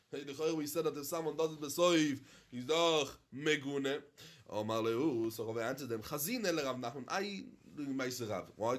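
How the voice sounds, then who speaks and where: Man chanting and explaining Talmud. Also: medium pitch. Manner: chanting the Aramaic text, then explaining it in English; halting, with frequent restarts and repetition. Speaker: rabbi teaching Talmud. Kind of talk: Talmud class lecture. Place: study hall in London.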